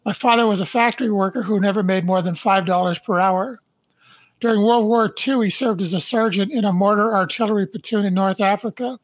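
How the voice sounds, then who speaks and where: An older man from Canada, a podcast guest who speaks slowly and deliberately, stressing his points and then reading his life story aloud. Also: high-pitched, steady tone, no echo, highs cut off. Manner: slow, deliberate and emphatic.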